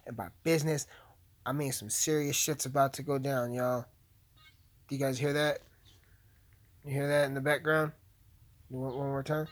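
A man's voice: medium pitch, flat delivery, normal speed, pauses often. A man hosting a podcast, chatting casually with constant swearing and crude jokes while playing a video game. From United States. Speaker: podcast host. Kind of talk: profane casual podcast chat while gaming.

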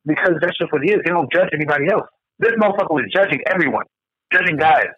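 A man's voice: on the high side, very fast, husky, dry recording. A man co-hosting a casual podcast chat, ranting emphatically with a lot of profanity. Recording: dull lo-fi dry recording.

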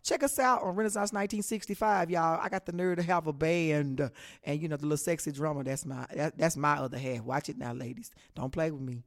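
A woman's voice: deep voice, a little fast. A woman from Texas with a Texan accent, hosting a solo radio talk show as an upbeat pep talk, saying "y'all" and "baby".

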